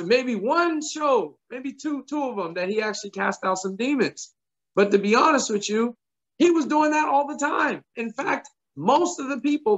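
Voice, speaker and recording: A man preaching, retelling a story in lively quoted dialogue with emphatic repetition. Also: very high voice, highs cut off. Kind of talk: sermon storytelling.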